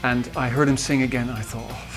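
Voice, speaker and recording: A man's voice: mid-range voice, little pitch movement, fairly quick. Hesitant Dutch man over faint guitar. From Netherlands. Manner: hesitant, with many fillers and restarts. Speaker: composer recalling his album's singers. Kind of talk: interview reminiscence. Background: faint guitar music.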